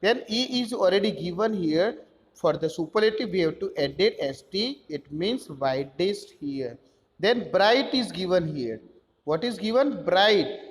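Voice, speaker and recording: A man's voice: high-pitched, in a large hall. A man teaching a grammar lesson, explaining step by step and spelling out letters.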